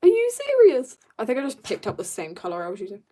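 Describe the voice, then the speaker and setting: Talking very fast in a darkish mid-range voice, a woman draws on a livestream and reads messages from chat, chatting with viewers in a bubbly manner and laughing frequently. A bit of hiss or hum sits under the audio.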